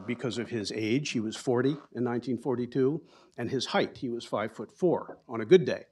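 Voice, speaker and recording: A man giving an author's book talk at a bookstore, telling stories in a chatty, digressive way full of asides. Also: mid-range voice. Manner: chatty, digressive, with frequent asides and quoted dialogue. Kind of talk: anecdotal storytelling to an audience. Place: bookstore event space.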